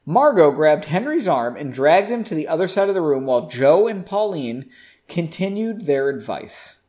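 Male podcast host reading fiction, lively and slightly high, jokey. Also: moderate pace. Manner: playful, jokes and laughs at the text. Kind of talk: story reading with casual asides.

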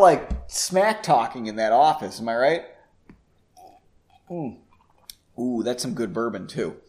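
A man's voice: medium pitch, animated, takes it slowly, pauses often, a little mellow. Chatty man reading a story aloud. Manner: chatty and self-deprecating. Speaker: podcast host reading a novel aloud. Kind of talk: casual story reading with asides.

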